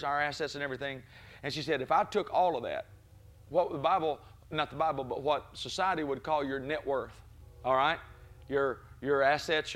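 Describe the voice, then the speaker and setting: A man preaching a sermon, moving between calm teaching and loud exclaiming peaks, often breaking in with praise. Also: a little high. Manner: frequent "glory be to God" interjections.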